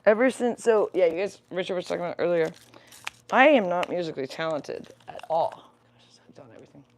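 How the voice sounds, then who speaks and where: A woman's voice: lowish voice, lively intonation, a little fast, a little hiss or hum. A young adult woman co-hosting a livestream from home, chatting in a rambling way with many fillers. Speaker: livestream co-host. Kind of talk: casual chat.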